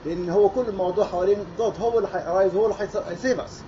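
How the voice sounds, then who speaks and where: A man's voice: high-pitched, rapid-fire, dark tone. Man coaching a choir. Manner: mixes English with Arabic, coaching and demonstrating by singing. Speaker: choir conductor. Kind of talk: choir rehearsal instruction. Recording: lo-fi with noise behind.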